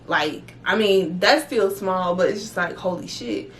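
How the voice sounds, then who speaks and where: A young woman vlogger, telling her story in a blunt, profane, animated way. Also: on the low side, measured pace, slight background noise. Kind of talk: casual storytelling vlog.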